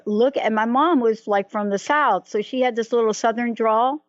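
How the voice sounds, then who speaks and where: Animated woman talk radio host. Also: fairly high pitch, moderate pace, no room sound. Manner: animated, storytelling, stumbles and restarts. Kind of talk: casual radio interview. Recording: dry, dull lo-fi radio audio.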